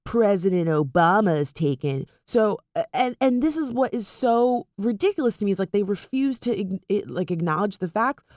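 A woman's voice: a little high, expressive, a little fast, few pauses, darkish tone, dry recording, clean studio sound. A woman chatting casually and animatedly about politics, sarcastic and full of fillers.

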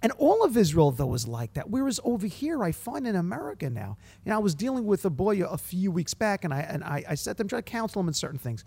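Male co-host and teacher, slightly high, gravelly, animated storyteller, casual. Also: quick pace, hardly any pauses. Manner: animated storytelling with acted-out quotes. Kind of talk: casual chat.

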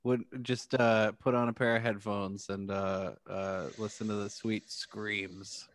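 A man co-hosting a comedy podcast, setting up jokes slowly and deadpan. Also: on the low side. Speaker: podcast co-host. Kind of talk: casual comedic banter.

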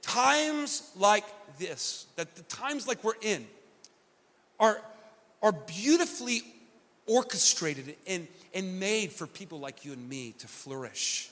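A man's voice: high voice, big pitch swings, takes it slowly, fairly bright tone, long reverb tail. A man preaching a sermon, earnest and self-deprecating, often restarting his sentences. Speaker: pastor.

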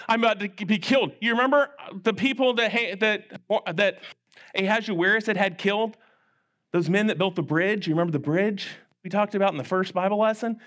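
A man preaching a children's sermon in church, telling a story in an animated way and acting out the characters' lines. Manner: animated, acts out characters' lines with big pitch swings. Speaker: children's pastor.

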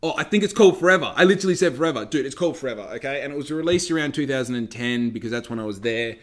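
A man's voice: mid-range voice, racing. Swearing young Australian man ranting. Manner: animated, swearing, tangents, rhetorical questions. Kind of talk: casual storytelling monologue.

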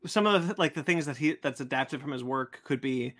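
Bright-voiced man hosting a chat. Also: mid-range voice, brisk. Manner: reads news items, loose and chatty. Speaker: podcast host reading news. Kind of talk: casual chat.

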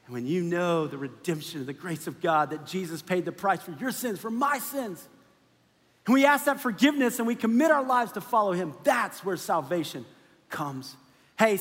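High-voiced man preaching in a reverberant hall. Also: fairly bright tone. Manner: conversational preaching, keeps asking "right?". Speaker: pastor. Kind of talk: sermon.

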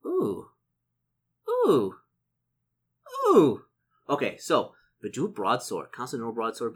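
A man playing a solo tabletop adventure, reading out the rules and shop lists and doing his sums aloud, easily excited. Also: on the low side. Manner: excitable, muttering calculations. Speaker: solo tabletop game player. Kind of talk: casual narration of a solo gamebook.

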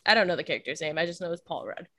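A woman's voice: fairly low pitch, expressive, rapid-fire, a crowd in the background. A woman co-hosting a casual chat, talking loosely with lots of "like" and frequent laughter. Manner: chatty, peppered with "like", laughs often.

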